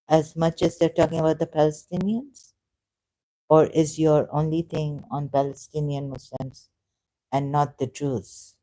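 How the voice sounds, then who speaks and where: A woman's voice: deep voice, mellow, poor audio. A woman on a live stream giving rambling, impassioned commentary, repeating herself and firing rhetorical questions at her viewers.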